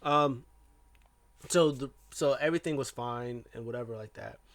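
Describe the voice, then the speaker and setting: This wrestling recap comes from a man who wanders off track, restarting lines and filling gaps with verbal padding. He talks at a moderate pace in an ordinary middle pitch, slightly bright, with some vocal fry.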